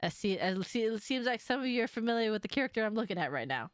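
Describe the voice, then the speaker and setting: Lively, laughing woman streamer. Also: a little high, fast talker, dry recording, clean studio sound. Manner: animated, laughs often, swears casually. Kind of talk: casual live game stream chat.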